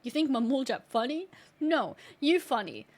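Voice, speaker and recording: A woman voicing a hostile lizard-folk warrior who taunts in slow, broken speech. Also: sits high, big pitch swings, darkish tone. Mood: taunting.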